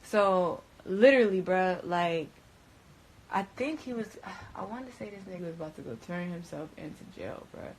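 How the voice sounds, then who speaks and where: A woman's voice: on the low side, lively intonation, moderate pace, slight background noise. A young adult woman casually recounting a story in slangy, profane, rambling speech full of fillers.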